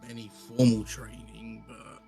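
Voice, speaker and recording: A man voicing a blunt, weary former sailor adventurer in a tabletop role-play, talking casually with rough language. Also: medium pitch, level tone, measured pace, mellow, soft background music, natural voice.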